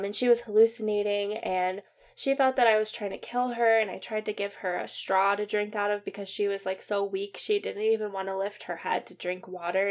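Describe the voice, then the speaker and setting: A young woman hosting a podcast, recounting a personal story in a halting way, full of fillers and restarts, dropping quiet at the sad parts. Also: mid-range voice, gravelly. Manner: quiet and subdued at sad moments. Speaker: podcast host.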